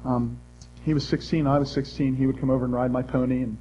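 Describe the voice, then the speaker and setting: A middle-aged man preaching a sermon, reading scripture and explaining it earnestly, swinging between loud emphasis and hushed tones. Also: mid-range voice, flat delivery, fast talker, lo-fi sound, slight background noise.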